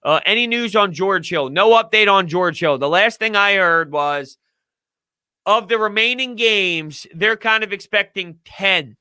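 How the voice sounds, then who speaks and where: Young man, sports podcast host, casual ranting, high bright voice, dry close sound. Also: a little slow, smooth, no room sound. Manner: joking, ranting, laughs often.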